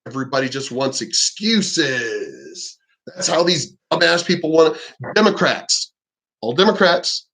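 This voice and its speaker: A man's voice: a little high, fairly bright tone. Give me a heated, profane man ranting on a vlog. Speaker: vlogger. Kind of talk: casual rant.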